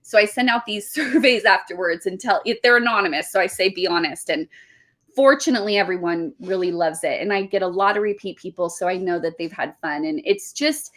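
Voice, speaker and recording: A woman's voice: mid-range voice, a little fast. A woman weightlifting coach, a guest in a casual podcast interview, talking earnestly and with animation. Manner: earnest, animated, speaks of camps and self-talk.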